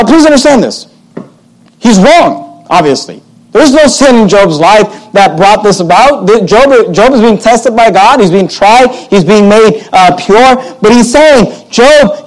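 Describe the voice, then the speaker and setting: Male preacher, high voice, emphatic and repetitive, reads scripture aloud. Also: low-quality recording. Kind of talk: expository Bible teaching.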